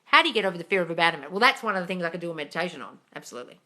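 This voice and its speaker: A woman's voice: fairly low pitch, expressive, racing, sharp tone. A woman coaching viewers on manifesting in a livestream Q&A, blunt and swearing freely while calling everyone darling. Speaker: manifesting coach answering live comments. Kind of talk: livestream Q&A reading comments.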